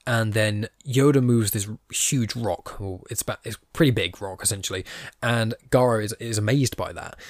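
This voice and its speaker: Man, podcast host, casual recap, self-deprecating, lower voice, dry sound. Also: dry recording. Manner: chatty, self-deprecating, reads quoted lines aloud in his own voice.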